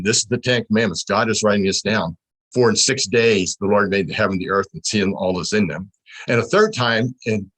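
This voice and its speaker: A middle-aged man speaks over a video call with a low, husky voice. He teaches patiently, asking rhetorical questions and answering them himself. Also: fairly bright tone, poor audio. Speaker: panel speaker. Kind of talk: explaining in a panel discussion.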